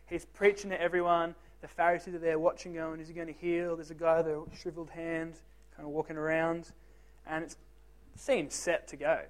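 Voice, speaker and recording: High-voiced young man, joking youth speaker. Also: little pitch movement, a little fast. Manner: joking, self-deprecating storyteller; talks straight to the teens with questions. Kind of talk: casual youth group talk.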